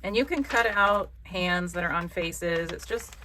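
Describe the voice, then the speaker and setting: Woman, Southern American accent, lowish voice, chatty, joking, encouraging, faint room hum. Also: expressive, a little slow, bright, forceful tone. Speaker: craft channel host. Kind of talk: casual craft tutorial.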